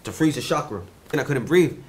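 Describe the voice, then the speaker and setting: Young male storyteller, slightly higher pitch, lively and profane, casual delivery. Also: fairly quick. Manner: animated, swears freely, repeats "you know what I'm saying".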